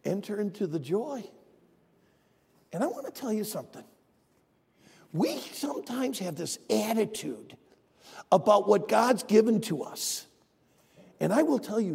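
A man's voice: high-pitched, sing-song, measured pace, vocal fry, pauses often, a little mellow, husky, in a large hall. A man preaching a sermon as pastor, telling a story and then urging his congregation with rising emphasis. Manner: storytelling, swelling to emphatic exhortation.

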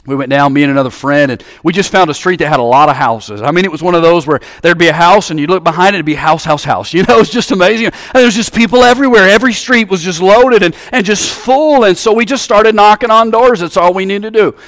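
A man's voice: quick pace, few pauses, fairly bright tone, no room sound, studio quality. A man from Alabama with a Southern American accent, preaching a sermon and calling out to the congregation with rising fervor. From Alabama, USA. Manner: rises to high-pitched fervent exhortation, calls out to congregation.

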